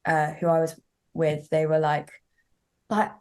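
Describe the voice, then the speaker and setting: A woman's voice: sits low, flat delivery, a little slow, a little mellow. Chatty rambling young woman. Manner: rambling storyteller, many fillers and likes. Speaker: guest singer. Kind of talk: casual interview chat.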